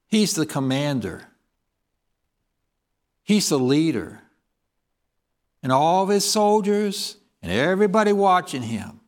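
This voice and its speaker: A man preaching a sermon, reading scripture aloud and asking the congregation questions. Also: fairly high pitch. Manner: reads scripture aloud in King James wording.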